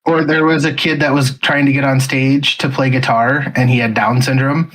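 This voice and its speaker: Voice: medium pitch, fairly even intonation, moderate pace, fairly bright tone, poor audio. A podcast co-host in casual chat, rambling and leaning heavily on "like". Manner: rambling, heavy use of "like"; laughs often.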